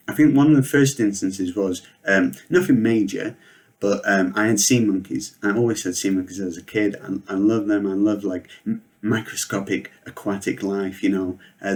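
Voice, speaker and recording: Thirties man, deadpan sweary comic monologue, lowish voice. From Northwest England. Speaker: comedian. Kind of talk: comedic storytelling monologue.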